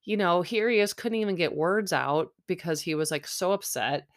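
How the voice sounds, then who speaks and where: Chatty young woman, low-pitched. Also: lively intonation, moderate pace. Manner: chatty, sarcastic, mimics people in high voices. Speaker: podcast host recapping a reality dating show. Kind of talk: casual recap chat.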